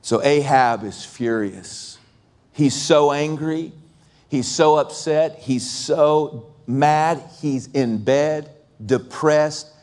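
A man's voice: medium pitch, a little mellow. A male pastor preaching a sermon in an emphatic voice, piling up repeated phrases. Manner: emphatic, repetitive lists.

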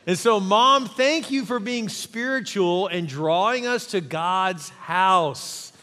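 A middle-aged man preaching a sermon in a church, animated and conversational, acting out quotes as he goes. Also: high-pitched, slow pace, in a large hall. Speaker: pastor. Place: church sanctuary.

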